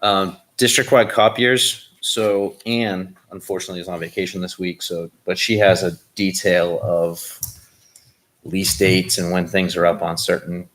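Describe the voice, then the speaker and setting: A man's voice: deep voice, steady tone, a little slow, a bit bright, rough recording. A man reporting budget items at a school board meeting in a plain, businesslike way, with fillers. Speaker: school district official.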